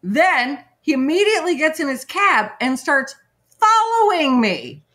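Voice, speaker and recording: A middle-aged woman host telling a story in casual chat, animated and laughing, with many fillers. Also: sits high, a little slow. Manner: animated, laughing, lots of "like" and "right?". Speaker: podcast host.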